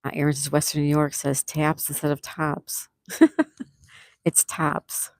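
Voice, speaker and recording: Woman host on a livestream, gravelly voice, dry close sound, reads chat comments out loud. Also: low-pitched, monotone, moderate pace, no room sound. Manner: chatty, reads out viewer comments, laughs often.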